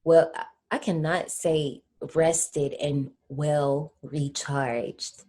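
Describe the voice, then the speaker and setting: A woman's voice: low-pitched, very slow. A woman co-hosting a podcast, telling stories in slangy casual chat and acting out the quotes. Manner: animated storytelling, slangy, acts out quotes. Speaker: podcast co-host.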